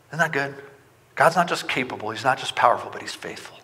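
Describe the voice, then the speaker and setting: A man's voice: medium pitch, fairly quick. A male pastor preaching an earnest, conversational sermon with frequent restarts. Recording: long hall reverb, loud music behind.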